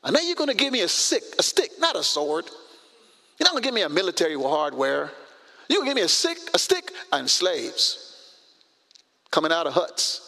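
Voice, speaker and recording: A man acts out a frantic prophet, pleading and grumbling in exasperation. The voice swings widely and carries a gravelly edge. A long reverb trails every line. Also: high voice, huge pitch swings, normal speed, pauses often, bright, forceful tone, pitched below the performer's own voice, full character voice. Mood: whining complaint. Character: panicked complaining male prophet. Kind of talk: sermon role-play.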